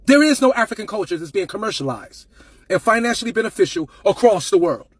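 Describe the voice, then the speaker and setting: Emphatic male commentator, high husky voice, dry close sound, repetitive preaching cadence. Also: very animated, fast talker, no room sound. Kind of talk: impassioned rant to camera.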